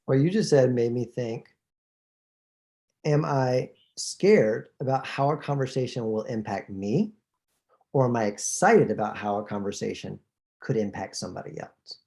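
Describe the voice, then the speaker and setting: A man hosting a podcast, chatting in an enthusiastic, animated way. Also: medium pitch, normal speed. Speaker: podcast host. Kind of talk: conversational podcast chat.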